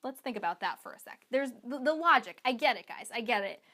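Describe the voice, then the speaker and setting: A woman business coach giving an online sales training talk in an energetic, emphatic, chatty way, acting out her clients in quick asides. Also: a little high.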